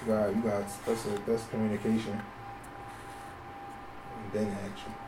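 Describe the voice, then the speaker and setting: A man's voice: fairly low pitch, completely flat delivery, moderate pace, background noise. A man chatting casually and emphatically, often repeating himself. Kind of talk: casual chat. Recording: roomy sound with faint music.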